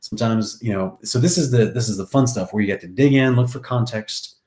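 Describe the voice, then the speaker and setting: A man's voice: lowish voice, brisk, a little mellow, reverberant. A man hosting a Bible study, reading scripture aloud and adding chatty, jokey asides. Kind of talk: casual scripture reading and commentary.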